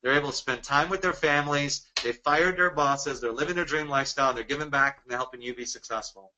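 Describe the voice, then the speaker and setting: A man from Dallas presenting a sales webinar, energetic and persuasive, firing off rhetorical questions. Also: medium pitch, fast talker, a little hiss or hum, rough recording. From Dallas, Texas.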